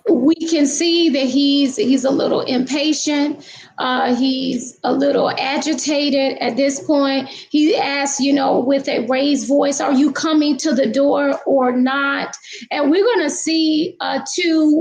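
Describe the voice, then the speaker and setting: A woman commentating on a true crime case in a casual, halting way, with many fillers. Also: high voice, low-quality recording.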